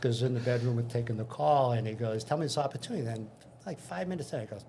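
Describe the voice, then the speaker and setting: Older man, medium pitch, chatty storyteller, acts out dialogue, restarts often, faint background hiss. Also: fast talker. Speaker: interview guest. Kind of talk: casual storytelling.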